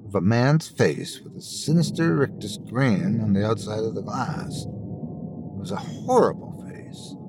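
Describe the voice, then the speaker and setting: A man narrating a scripted horror story in a slow, dramatic storytelling manner. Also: medium pitch, background noise.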